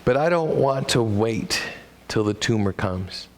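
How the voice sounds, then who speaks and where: A Midwestern American man, speaking at a measured pace with lively intonation, performs a stage monologue on his own. Wry dad-joke humor at his own expense runs through it, and his pitch jumps to punch up the jokes.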